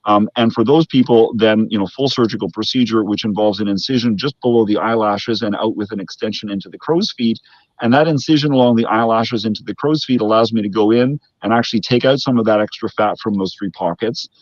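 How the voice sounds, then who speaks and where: A man's voice: fairly low pitch, fairly even intonation, a little fast, no room sound, lo-fi sound. A man from Canada, a plastic surgeon, explaining procedures methodically in an interview, with frequent restarts.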